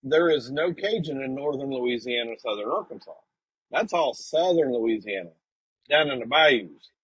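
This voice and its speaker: A man's voice: mid-range voice, expressive, normal speed, a bit bright, breathy edge, no room sound, highs cut off. A man co-hosting a casual chat, making blunt teasing jokes. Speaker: podcast co-host.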